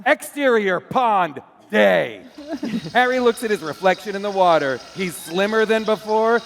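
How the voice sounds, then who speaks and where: Lively man reading stage directions. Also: high voice, unhurried, vocal fry, a little hiss or hum. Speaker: narrator. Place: theater stage.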